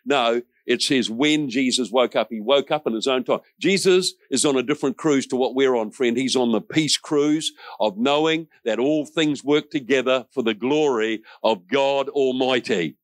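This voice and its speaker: A man's voice: medium pitch, normal speed, few pauses, no room sound. A middle-aged man, preaching a sermon as a pastor in an earnest, emphatic way with folksy asides.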